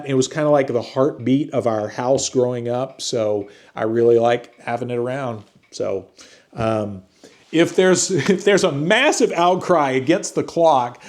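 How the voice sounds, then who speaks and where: A man's voice: mid-range voice, a little mellow. A man hosting a book review channel, talking casually to camera from his home, rambling and conversational with slang like "dude". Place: at home with a chiming antique clock.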